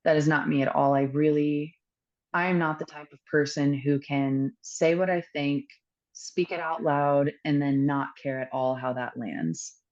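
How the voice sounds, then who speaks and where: A woman with a notably low voice speaks as a podcast guest, telling a candid personal story. She is earnest and reflective, pausing often and filling gaps with ums. The recording is dull and lo-fi. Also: steady tone. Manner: earnest, reflective, with many pauses and fillers.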